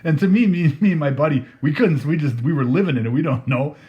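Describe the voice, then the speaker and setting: A man's voice: on the high side, fast, highs cut off. A man telling a story casually, laughing through his words and swearing freely. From Canada.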